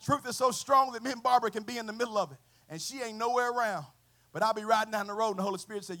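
A man preaching a sermon, swinging from a quiet storytelling voice to chanted, shouted climaxes. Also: high-pitched, rapid-fire. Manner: chanting, shouted climaxes with congregational call and response; drops to a quiet conversational storytelling voice.

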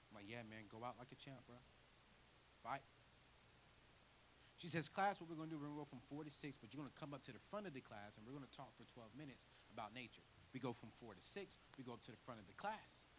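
A man preaching a storytelling sermon, acting out the voices of the people in his story and building to loud, fervent preaching. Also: mid-range voice, slight background noise.

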